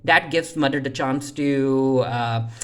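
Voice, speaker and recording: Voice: mid-range voice, slow pace, clear, resonant tone. A reviewer casually recapping a TV episode, retelling scenes loosely with lots of "uh" fillers and paraphrased lines. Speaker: TV series reviewer.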